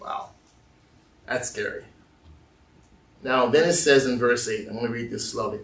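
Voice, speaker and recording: A male pastor preaching a lively sermon, acting out voices and joking with the congregation. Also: medium pitch, a little slow, pauses often, reverberant, distant mic. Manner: animated, acts out voices, jokes with the congregation. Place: church sanctuary.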